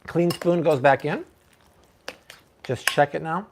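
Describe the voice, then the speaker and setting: A playful man hosts a live cooking stream from his home kitchen, his voice sitting a little high for a man. He jokes and chats easily with his viewers. Faint kitchen noise hums behind him. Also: slow pace. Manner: playful, jokey, puts on mock accents. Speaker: cooking show host.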